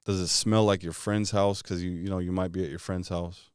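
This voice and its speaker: A man's voice: low-pitched, little pitch movement, smooth, dry recording, studio quality. A man guiding a visualization exercise, firing off casual questions one after another. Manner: string of rapid questions, casual phrasing. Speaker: motivational speaker. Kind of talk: guided visualization talk.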